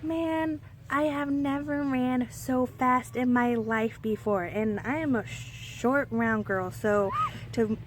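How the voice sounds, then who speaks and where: A woman's voice: fairly high pitch, takes it slowly, background noise. A young woman telling a personal story in a casual storytime vlog, rambling with many fillers and restarts. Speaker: storyteller vlogger.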